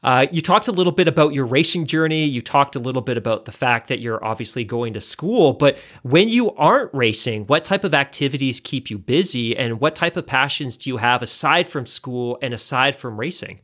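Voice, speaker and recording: Guy hosting an interview, mid-pitched voice, upbeat, jokes around, long rambly questions. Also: animated, fairly quick, few pauses, fairly bright tone. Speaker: interview host. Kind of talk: conversational interview.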